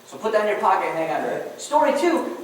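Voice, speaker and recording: A man's voice: sits high, very animated, fast talker. Conversational male preacher, chatty and jokey, roomy church sound picked up from afar. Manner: conversational and joking, many restarts. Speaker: pastor. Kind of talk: sermon. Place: church sanctuary. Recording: distant mic with echoey room and faint noise.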